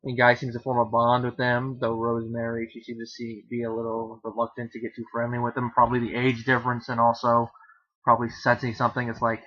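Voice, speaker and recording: A man's voice: medium pitch, monotone, fast, dull audio. A man giving a casual, rambling film review, often correcting himself mid-sentence and joking.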